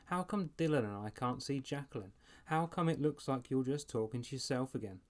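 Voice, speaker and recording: A man's voice: mid-range voice, lively intonation, a little fast, close to an everyday voice. Male narrator playing a teasing, mocking young boy in a storybook reading. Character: teasing mean-spirited boy.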